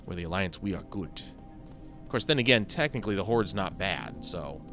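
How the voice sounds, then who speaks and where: A man's voice: sits low, very animated, normal speed, fairly bright tone, faint music behind. A man giving casual, rambling gameplay commentary, thinking aloud and poking fun at himself. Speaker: gaming video host.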